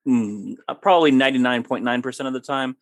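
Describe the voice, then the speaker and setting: A man hosting a podcast who runs tabletop games, asking questions in a halting, restarting way. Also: medium pitch. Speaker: podcast host and game master. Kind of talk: casual interview chat.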